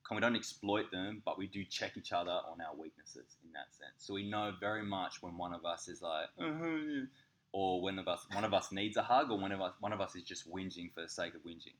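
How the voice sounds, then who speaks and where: A man, co-hosting a casual podcast and telling candid, sweary stories with lively impressions. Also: deep voice, quick pace, hardly any pauses. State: slightly sick. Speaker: podcast co-host. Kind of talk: casual chat.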